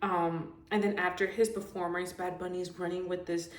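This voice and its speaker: A woman's voice: fairly low pitch, flat delivery, moderate pace. A young woman vlogger giving a casual, heartfelt, rambling review with lots of fillers. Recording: echoey room with faint background noise.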